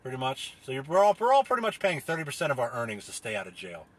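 A husky-voiced man on a furious, expletive-laden rant. His pitch swings widely as he jabs at his points, repeating them for emphasis. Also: huge pitch swings, fast talker, fairly bright tone. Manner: angry, heavy swearing, repetitive emphatic phrasing. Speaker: podcast host. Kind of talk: profane ranting monologue.

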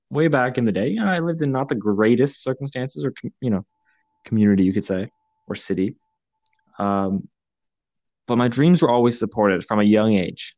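A young man hosting a podcast, talking in an earnest, reflective way, pausing often with fillers. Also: lowish voice, darkish tone, no room sound. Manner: earnest, thoughtful, halting with many fillers. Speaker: podcast host. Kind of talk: reflective casual podcast talk.

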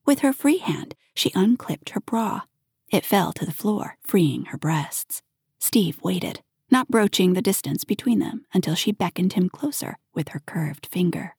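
Soft-voiced woman reading an erotic story. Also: fairly low pitch, expressive, a little slow, creaky, slightly rough, no room sound, studio quality. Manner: soft, intimate, often half-whispered. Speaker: narrator.

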